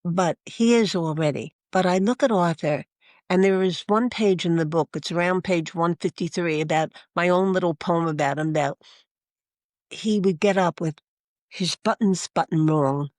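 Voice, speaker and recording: A religious sister telling a heartfelt story in conversation, lively and earnest, acting out remembered dialogue as she goes. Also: on the low side, normal speed, no echo, clean studio sound. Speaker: religious sister sharing her story as a guest.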